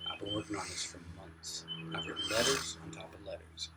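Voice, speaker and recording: A man reading aloud, voicing an excitable old grandfather who runs a country store and talks in a loud, folksy way. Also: low voice, brisk, natural voice. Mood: serious. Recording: distant mic, steady noise, birdsong.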